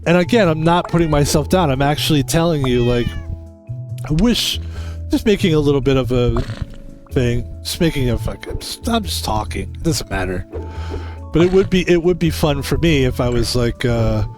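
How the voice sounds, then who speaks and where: A man's voice: on the high side, expressive, normal speed, a little mellow, soft background music. Rambling, swearing American streamer guy. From United States. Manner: rambling, loose and swears often. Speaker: game streamer and host. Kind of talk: casual stream chat while gaming.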